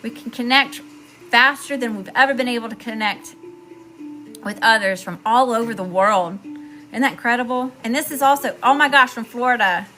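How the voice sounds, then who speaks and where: Woman on a livestream, bright high-ish voice, gushing shout-outs to viewers, soft music under it. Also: moderate pace. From Mississippi, US. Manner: effusive, warm shout-outs with lots of "y'all". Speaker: spiritual livestream host. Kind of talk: casual livestream chat reading comments.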